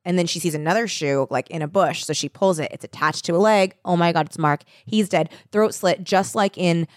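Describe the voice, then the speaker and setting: A woman's voice: on the low side, a little fast, dry recording, studio quality. A woman in casual chat, animatedly retelling a show's plot and acting out the lines. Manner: animated retelling, acts out quotes. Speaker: podcast co-host recapping a show.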